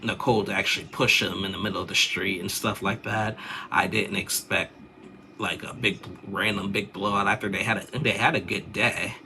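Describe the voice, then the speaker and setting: A man's voice: lowish voice, fairly even intonation, normal speed, creaky, sharp tone, slight background noise. A young man chatting casually as he recaps a reality show, rambling with lots of fillers and restarts.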